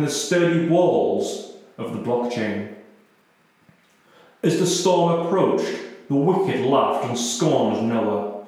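A man narrates in a slow, deliberate, solemn cadence, like reading scripture aloud. His voice sits at an ordinary middle pitch. The recording rings with heavy room echo. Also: animated, a little mellow. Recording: very echoey room.

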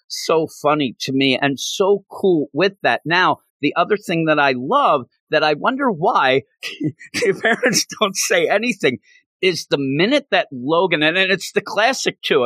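A podcast co-host with a voice on the high side eagerly retells comic scenes in a casual chat. He animatedly acts out the characters' lines, and the recording is dry.

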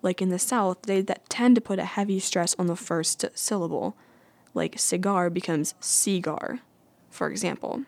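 A woman's voice: on the low side, moderate pace, creaky, darkish tone, no echo. A woman vlogging in a chatty, playful, self-mocking way. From United States. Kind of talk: casual chat.

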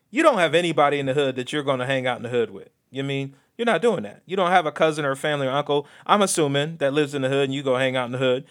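A man in casual podcast conversation, telling stories with animated swings and slipping into patois phrasing. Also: on the high side. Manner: animated storyteller, slips into Jamaican patois phrasing. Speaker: podcast co-host.

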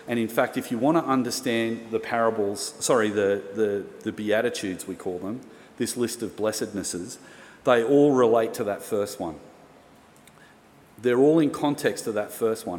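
An Australian pastor with a low, slightly mellow voice delivers a storytelling sermon, sharing a personal tale in a relaxed, chatty way full of self-deprecating humour. The recording has a reverberant hall sound with faint room noise.

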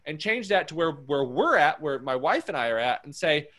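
A man's voice: a little high, big pitch swings, normal speed, hardly any pauses, fairly bright tone. A man co-hosting a podcast, talking in an earnest, preachy way and repeating his points. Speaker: podcast co-host. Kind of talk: casual podcast chat.

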